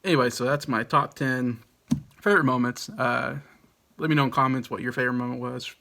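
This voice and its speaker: A man's voice: mid-range voice, steady tone, a little fast, gravelly, pushed and bright. A man in his late thirties hosting a casual countdown video, rambling and chuckling with lots of fillers and restarts. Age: late 30s. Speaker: video host.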